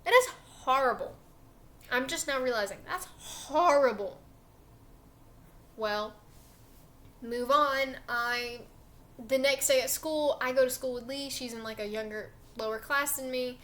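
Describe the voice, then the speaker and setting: A woman's voice: sits high, a little slow, long pauses, a bit bright. A young woman casually telling a personal story in a chatty, emotional way with lots of fillers.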